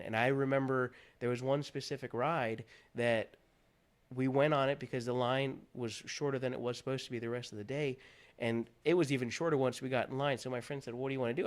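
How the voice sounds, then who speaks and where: An earnest man from Pennsylvania speaks candidly as a talk show guest. His voice sits at an ordinary middle pitch. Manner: earnest, candid, animated when moved. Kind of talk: personal story in a talk show interview.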